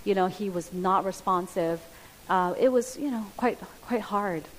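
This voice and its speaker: A woman giving a sermon, speaking earnestly with pauses and restarts. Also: medium pitch. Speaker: preacher. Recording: hissy hall with long reverb.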